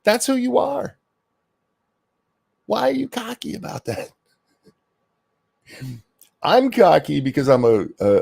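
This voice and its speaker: A man's voice: on the low side, creaky, darkish tone, no echo, clean studio sound. A man hosting a ranting reaction commentary, profane, sarcastic and berating. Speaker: commentary host.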